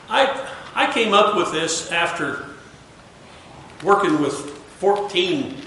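A man's voice: on the high side, pushed and bright, a little hiss or hum. A man leading a Bible study class, questioning his students and coaching them through the text.

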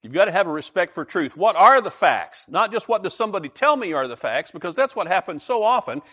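Animated, conversational male preacher. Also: high voice, quick pace, husky. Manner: conversational, asks the audience questions, tells jokes. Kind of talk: sermon.

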